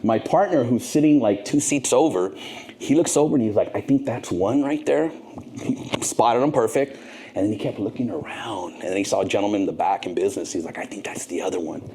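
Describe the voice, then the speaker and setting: A middle-aged man, a podcast guest, telling a long story with lively, profane energy and acting out both sides of the dialogue. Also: lowish voice, a little fast, slight background noise. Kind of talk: animated storytelling.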